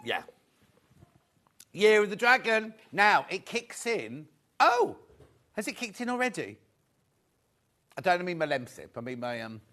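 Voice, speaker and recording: A man's voice: fairly high pitch, fairly bright tone. Chatty live shopping-show host, man. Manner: chatty, upbeat salesman patter, reads viewer messages. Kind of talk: live sales presentation.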